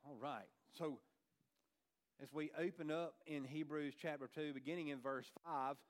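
A man's voice: a little high, steady tone, normal speed. A man, preaching a sermon as pastor in a folksy, conversational way, with asides to the congregation and repeated words.

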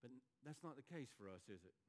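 A male pastor preaching a sermon in a church to his congregation, earnest, rising to emphatic peaks and sinking low and quiet. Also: sing-song, fast talker.

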